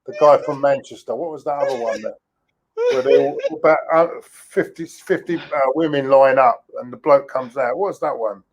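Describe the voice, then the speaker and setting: A man's voice: medium pitch, normal speed. A man co-hosting a football chat show, chatty and joking, trailing off into fillers. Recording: dull lo-fi audio.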